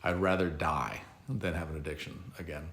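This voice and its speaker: A man's voice: very deep voice, steady tone, moderate pace, creaky, a bit bright, echoey room. A middle-aged man, telling a personal story in a casual, self-mocking and reflective way.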